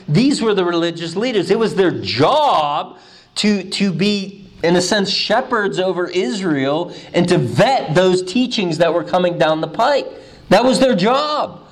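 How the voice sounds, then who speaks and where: Man preaching, high voice, animated swings in pitch and loudness, repeats words as he starts. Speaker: pastor. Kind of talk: sermon.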